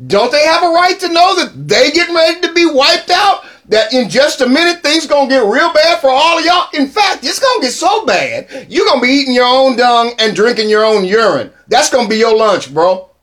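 A boastful enemy envoy hollers threats in slow, drawn-out phrases, as a preacher puts him on. His pitch leaps around as he taunts. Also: lively intonation, pushed and bright, exaggerated voice. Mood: taunting.

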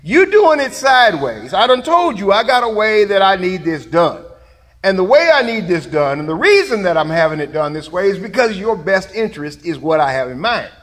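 A man's voice: high voice, sing-song, moderate pace, fairly bright tone, in a large hall. A man preaching a sermon, laughing and making asides to the congregation. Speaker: pastor.

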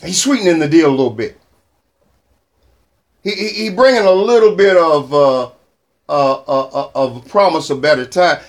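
A male preacher delivers a sermon with dramatic, conversational storytelling and casual slang. His pitch swings widely as he speaks. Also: animated, normal speed, long pauses.

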